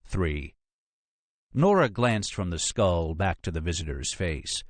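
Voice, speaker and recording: Deep-voiced man narrating a thriller audiobook. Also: dry recording. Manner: expressive, measured storytelling. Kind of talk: scripted narration.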